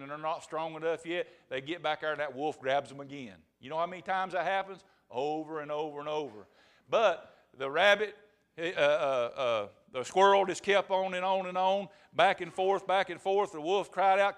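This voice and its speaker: A man's voice: a little high, normal speed, a bit bright. A man preaching a sermon in a folksy, emphatic storytelling manner.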